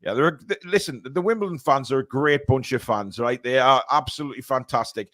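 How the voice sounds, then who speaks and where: A man's voice: medium pitch, a little fast, fairly bright tone, dry recording, clean studio sound. A man from England hosting a live football fan stream, chatting casually with many fillers and reading out viewer comments.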